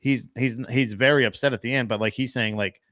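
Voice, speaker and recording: A man's voice: medium pitch, fairly even intonation, brisk, fairly bright tone, no room sound. A man chatting casually about movies as a podcast co-host, rambling with lots of fillers and swearing.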